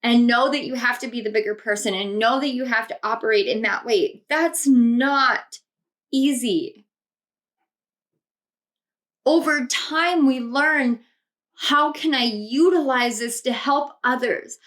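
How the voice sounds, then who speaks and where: Tarot reader, young adult woman; unhurried, earnest, circles back on her words, sits a bit high. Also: fairly bright tone. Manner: earnest, reflective, repeats phrases. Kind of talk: intuitive tarot reading to camera.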